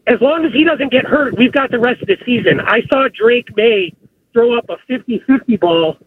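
A man's voice: extremely high pitch, expressive, normal speed, slightly rough. A man calling in to a sports radio show, talking confidently about his team. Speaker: caller. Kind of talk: phone-in chat. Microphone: telephone. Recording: tinny phone line with faint hiss.

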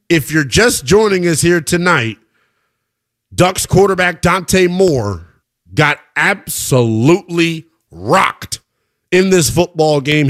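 A man hosting a live sports radio show, hyping scores with swings between loud calls and low asides.

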